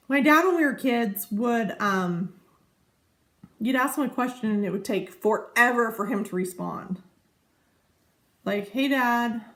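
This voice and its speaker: A woman in her thirties chatting casually to camera as a vlogger, rambling and easily sidetracked. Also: on the high side. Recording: echoey room.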